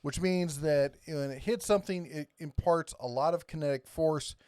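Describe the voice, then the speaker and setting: A man's voice: a little high, moderate pace, darkish tone, smooth, dry recording, studio quality. A man hosting a casual live stream, rambling and reading viewer comments aloud. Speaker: host.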